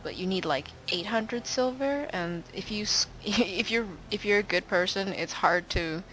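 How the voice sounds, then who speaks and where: A woman's voice: medium pitch, a little slow, fairly bright tone, slight background noise. A young woman casually commenting on her gameplay, chatty and giggly, with lots of "um" and "like". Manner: chatty and giggly, with many fillers. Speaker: let's play gamer. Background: game music.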